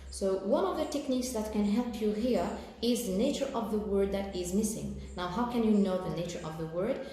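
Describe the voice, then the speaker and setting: Algerian-accented woman teacher, mid pitch, patient lesson delivery, faint hiss behind. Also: mellow. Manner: slow, careful explanations with fillers and check-in "okay?". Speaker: English teacher. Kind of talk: recorded televised lesson. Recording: very echoey room with faint background noise.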